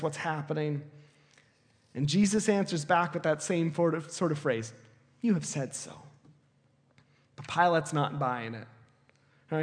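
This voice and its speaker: A man preaching a sermon, explaining the story in a lively, animated way and correcting himself as he goes. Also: high voice. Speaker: pastor. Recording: long reverb of a hall.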